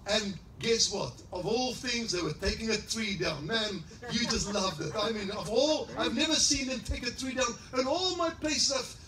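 A middle-aged man preaching a sermon as pastor, fiery at times and rising into shouted, sing-song exclamations. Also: high voice, expressive, moderate pace, hardly any pauses, faint music behind. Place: church service in a large greenhouse hall. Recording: echoey hall, mic at a distance.

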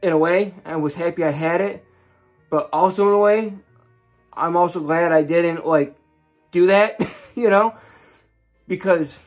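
A young man with a husky, slightly breathy voice recounts a personal story in a loose, rambling way, tripping over restarts as he goes. He jumps into the voices of the people in his tale, and soft music plays faintly underneath. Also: sits high, measured pace, pauses often. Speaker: vlogger.

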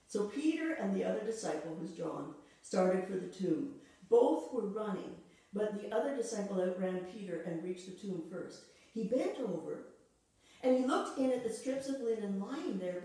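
A woman pastor preaching a sermon, expressive, acting out quoted voices and repeating words as she speaks. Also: medium pitch. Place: church sanctuary. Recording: echoey church hall from far off.

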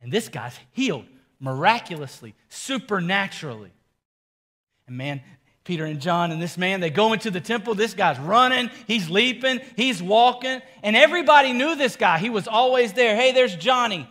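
A man with a high voice preaching a sermon. He tells the story casually and with animation, piling up short repeated phrases for emphasis. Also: animated, normal speed, pushed and bright. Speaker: pastor.

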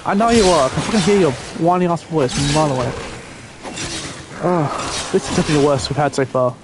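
This is a young man doing let's play commentary. His voice sits a little high and comes through with clear game sounds behind it. He rants, swears and barks orders at the on-screen characters in exasperation. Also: fast, noisy background. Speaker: gamer.

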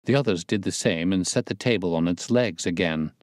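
In a measured storytelling manner, a low-voiced man gives a scripted narration of a classic detective story. The studio-quality recording has no room sound.

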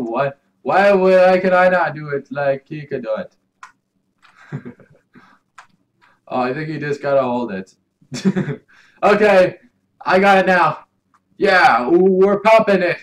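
A man doing video game commentary, yelling and cursing at the game as he plays. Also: on the high side. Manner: yells and curses at the game. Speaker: gameplay commentator.

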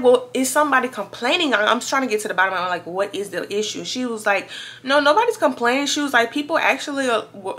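A young woman in her twenties talks straight to her viewers in a casual storytime vlog. Her voice is bright and clear, and her delivery is chatty and animated. She keeps calling out to her audience as she tells the story. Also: medium pitch. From Louisiana. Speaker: vlogger.

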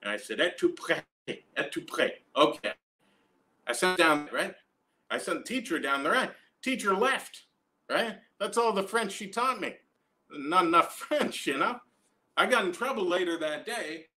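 A young Canadian man runs a stand-up story with deadpan asides and a habit of tagging lines with "right?". His voice is bright and sits a little high. He tells it loosely, in a casual tone. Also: a little slow. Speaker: stand-up comedian. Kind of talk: stand-up set streamed from home.

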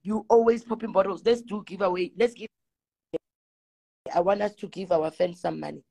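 A woman's voice: medium pitch, normal speed, creaky, mellow. A woman hosting a casual chat, chatty and egging her guest on. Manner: chatty, egging on, begging viewers for money. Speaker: host.

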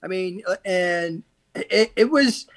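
A man's voice: sits high, slow pace, fairly bright tone. A man on a podcast as a guest, telling blunt, profane stories in casual chat. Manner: profane, blunt, emphatic storytelling.

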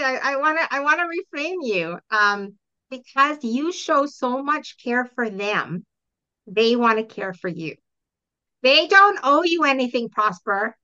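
Middle-aged woman, parent coach guest; bright, crisp-edged voice, earnest and explanatory; muffled lo-fi audio. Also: high voice, animated, unhurried. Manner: earnest, explanatory, acts out example dialogues. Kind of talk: interview answers. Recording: dull lo-fi audio.

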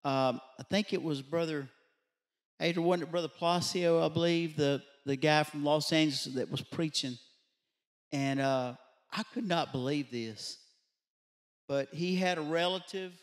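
A man's voice: on the high side, unhurried. A man preaching at a midweek church Bible study, his voice sitting a little above the usual male range. He tells his story in a loose, conversational way, with fillers and restarts. He often checks in with his congregation through rhetorical questions. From Louisiana. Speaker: pastor. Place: church sanctuary.

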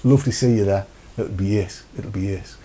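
A man's voice: lowish voice, normal speed, dark tone. A middle-aged man from Britain hosting a casual live-stream chat, jokey and rambling, reading viewer comments aloud. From United Kingdom. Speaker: show host.

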